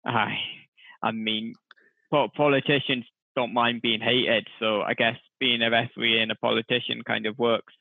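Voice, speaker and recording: A man co-hosting a podcast in casual chat, talking hesitantly with frequent filler pauses. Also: mid-range voice, dry recording. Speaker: podcast co-host. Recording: tinny phone-like dry line.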